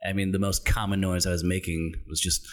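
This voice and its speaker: A man's voice: deep voice, level tone, a little fast. A man co-hosting a movie podcast, speaking in a laid-back, hesitant and wry way. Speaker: podcast co-host. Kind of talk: casual movie-review chat.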